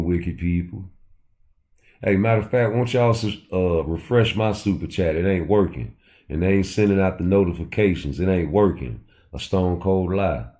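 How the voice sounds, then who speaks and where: Deep, mellow-voiced man ranting on a livestream. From Chicago. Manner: loose, profane, addresses chat directly. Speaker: livestream host. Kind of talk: casual livestream rant.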